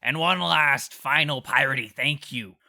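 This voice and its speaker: A man's voice: medium pitch, unhurried, bright, forceful tone, voice pushed down, exaggerated voice. A man voicing a hearty male pirate who thanks patrons in a comedy podcast. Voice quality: gravelly. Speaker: podcast cast member.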